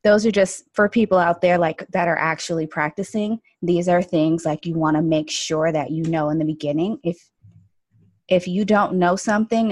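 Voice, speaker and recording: A woman's voice: deep voice, no echo. A woman who works as an esthetician and energy healer, telling stories in a casual, chatty way with lots of fillers. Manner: chatty, with many fillers like "like" and "you know". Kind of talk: casual storytelling chat.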